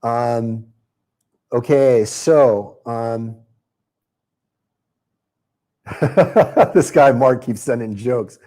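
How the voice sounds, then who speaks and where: A man hosting a live webinar, pitching a marketing program in a chatty, upbeat way and answering viewers by name. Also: fairly even intonation, extremely slow, dark tone.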